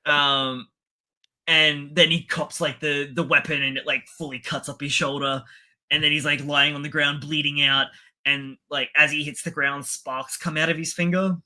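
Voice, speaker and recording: Rambling man with a bright voice. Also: a little high, level tone, moderate pace. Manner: rambling, laughs often, acts out the lines. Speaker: podcast co-host. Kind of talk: casual chat recapping an anime episode.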